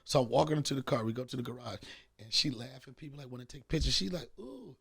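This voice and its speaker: A man's voice: mid-range voice, very fast, gravelly, a bit bright. A middle-aged man hosting a podcast, telling a profane comic story with lots of animation and acted-out voices. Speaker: podcast host. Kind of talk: comedic storytelling.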